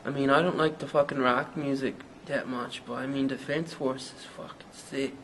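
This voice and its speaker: An actor with a Newfoundland accent playing a young small-town rapper who rambles through a hazy, profane story in an interview. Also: male voice, medium pitch, fairly even intonation, normal speed, a bit bright, a little hiss or hum, lightly acted, rough recording. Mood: rambling. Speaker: mockumentary interviewee.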